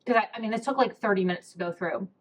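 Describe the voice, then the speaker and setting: A young woman talks through a heartfelt personal story on her podcast. Her voice sits at an ordinary middle pitch, and she speaks candidly with lots of "like" and "um" as her emotion rises near tears. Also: racing. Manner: emotional, candid, many fillers like "like" and "um". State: close to tears. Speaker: podcast host.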